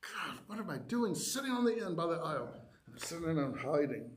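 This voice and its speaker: A man telling a personal story to a church adult education class, acting out his own reactions in lively quoted asides. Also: a little high, a little fast.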